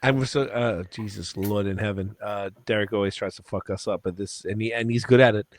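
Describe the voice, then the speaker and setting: A man's voice: on the low side, steady tone, brisk, dry recording. A man co-hosting a podcast in casual chat, rambling and swearing freely. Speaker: podcast co-host.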